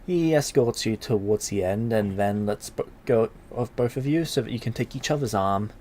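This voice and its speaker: A man narrating a tabletop game as game master, in a relaxed, unhurried way. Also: lowish voice, a little hiss or hum.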